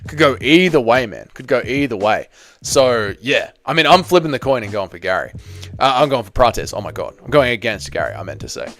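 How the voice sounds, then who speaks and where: A man's voice: mid-range voice, big pitch swings, fairly quick, a bit bright, no room sound. Bantering Australian man, dry close sound. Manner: joking, bantering, teasing chatters. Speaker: livestream host. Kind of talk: casual livestream chat, reading out viewer comments.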